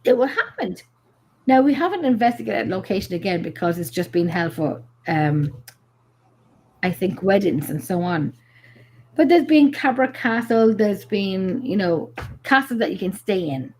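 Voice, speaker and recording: A woman paranormal investigator from Ireland, casually telling stories on a live show, animated and full of fillers and swearing. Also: mid-range voice, normal speed, a little hiss or hum.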